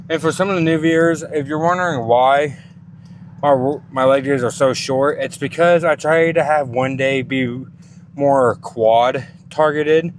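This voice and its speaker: A man's voice: medium pitch, a little hiss or hum. A young man talking casually about his leg workout in a fitness vlog, rambling and out of breath. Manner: rambling, casual, filler-heavy. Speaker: fitness vlogger. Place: gym, then in a car.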